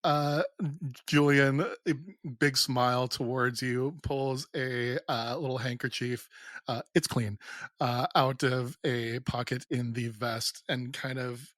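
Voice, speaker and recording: A man describing his character as a player in a tabletop game, relaxed, with many ums and uhs. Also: medium pitch, takes it slowly, no echo, rough recording.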